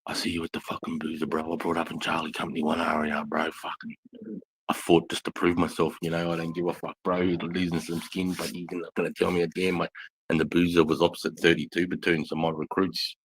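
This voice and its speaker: A man's voice: sits low, completely flat delivery, brisk, breathy edge, poor audio. A man, a former army instructor, telling rowdy stories in casual live chat, blunt and full of swearing. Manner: blunt, swears constantly, rambling war stories.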